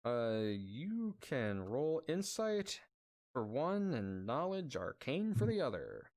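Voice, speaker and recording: A man running a tabletop game as game master, narrating in a lively, fast storytelling manner. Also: mid-range voice.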